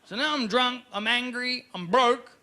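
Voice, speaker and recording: Bright-voiced stand-up comedian. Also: male voice, very high voice, unhurried. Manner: animated, shouting bits in character. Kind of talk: live stand-up routine.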